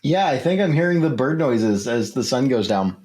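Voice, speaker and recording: A man's voice: medium pitch, lively intonation, normal speed, a little mellow. A man hosting a podcast in casual chat, dry and laid-back, often answering briefly. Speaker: podcast host.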